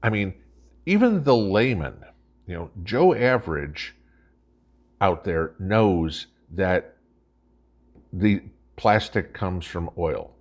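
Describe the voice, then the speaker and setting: A man with a very deep voice rants in scornful commentary. He hosts the show and keeps pressing each point with a sharp "okay?". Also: big pitch swings, slow pace, long pauses. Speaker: host. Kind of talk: opinionated commentary.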